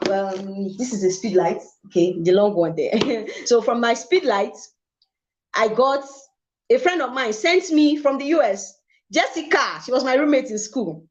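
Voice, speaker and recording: A young Nigerian woman, a photographer, telling her story in an interview with lively, expressive delivery, slipping into Pidgin and laughing as she goes. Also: fairly high pitch, measured pace, muffled recording. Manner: animated storytelling with Pidgin phrases and bursts of laughter. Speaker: photographer guest.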